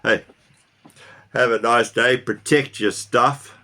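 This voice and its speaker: A man's voice: mid-range voice, steady tone, slow, bright, forceful tone. A middle-aged man vlogging casually, rambling and often asking his viewers questions. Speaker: car vlogger. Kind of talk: casual talk to camera. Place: New Zealand.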